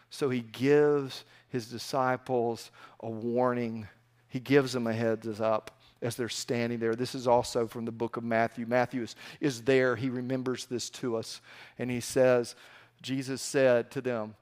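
A man preaching from the pulpit, retelling the story in a lively, conversational way. His voice sits somewhat high for a man, and he speaks with storytelling energy. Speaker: pastor. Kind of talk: sermon.

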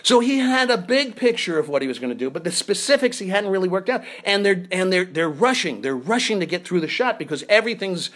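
A man's voice: high-pitched, fast talker, few pauses. A man hosting a comedy show, telling a story and acting out the voices of the people in it. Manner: animated, acts out voices in his stories. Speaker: comedian host. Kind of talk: comic storytelling chat.

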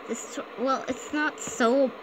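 A woman giving relaxed, unhurried commentary while she plays. She gets excitable and drops into exaggerated voices to quote other players. A constant layer of background noise sits under her voice. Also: high-pitched. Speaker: gameplay commentator. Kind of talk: casual gameplay commentary.

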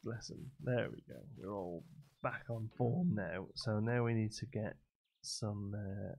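A man's voice: on the low side, a little slow, vocal fry, darkish tone, breathy edge. A man streaming a farming game, chatting and thinking aloud as he plays. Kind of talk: casual gameplay commentary.

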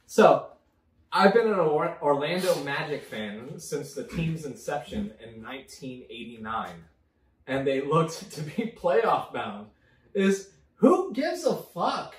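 A man's voice: medium pitch, animated, measured pace, reverberant, far from the mic, rough recording. A man co-hosting a casual drinking chat, ranting and swearing as he talks. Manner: profane, ranting. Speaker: podcast co-host.

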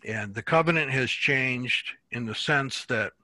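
A man teaching a Bible class in a relaxed, halting way, often repeating words as he thinks. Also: medium pitch, no room sound.

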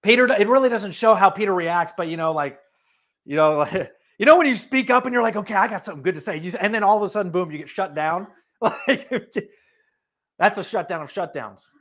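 Preacher, sermon in church, animated and chatty, asks listeners straight out. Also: medium pitch, brisk. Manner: conversational and animated, with asides and direct questions to listeners.

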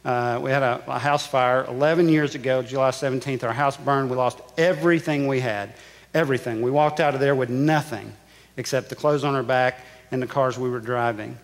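A male pastor preaches a sermon in a mid-range voice, steady in tone and a little fast. He tells a personal story, driving it home with emphatic repetition, and the church sanctuary gives the recording a long reverb.

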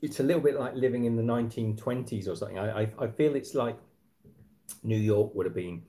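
A man's voice: medium pitch, a little fast, dark tone. A man, hosting a casual live stream from his apartment and chatting with viewers, rambling with fillers and restarts. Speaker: livestream host. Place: apartment at night.

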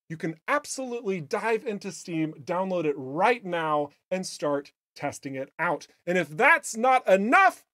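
A game studio host chatting casually on a livestream, playful and upbeat with jokey asides. The voice is a little raspy today. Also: mid-range voice, fairly bright tone, no echo. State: slightly raspy voice.

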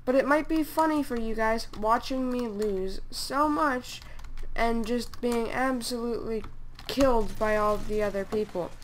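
A woman giving casual gameplay commentary, excitable, exclaiming and grumbling at opponents as she plays. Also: fairly high pitch, a little slow, a little hiss or hum.

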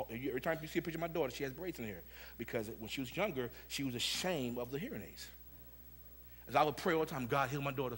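A middle-aged man serving as senior pastor delivers a Sunday sermon in the sanctuary, moving from low, reflective tones to full-voiced shouting and repeating his words. Slight background noise is audible.

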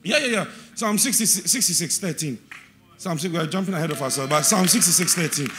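A man with a Ghanaian English accent preaching a sermon in a church, repeating verse references and swinging from quiet asides to shouted, sing-song emphasis. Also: high-pitched, very animated, brisk, loud music behind the voice.

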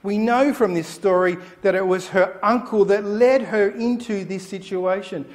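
A middle-aged man, a pastor preaching a sermon and telling an anecdote with animated storytelling. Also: high voice, normal speed. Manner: animated storytelling, acting out the people in his anecdote. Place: church.

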